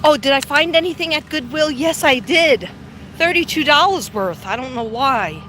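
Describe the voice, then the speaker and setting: A woman's voice: high-pitched, expressive, moderate pace, pushed and bright, slight background noise. A middle-aged woman chatting casually on a live stream while out on a walk, rambling and reading viewer comments aloud. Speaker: psychic vlogger. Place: outdoors on a walk.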